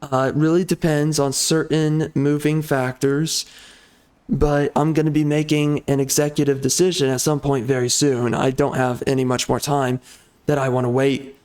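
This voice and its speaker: A man hosting a gaming channel, venting in an angry, profane rant with halting restarts and frequent swearing. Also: mid-range voice, little pitch movement, darkish tone. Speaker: gaming channel host and author. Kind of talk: frustrated rant over gameplay.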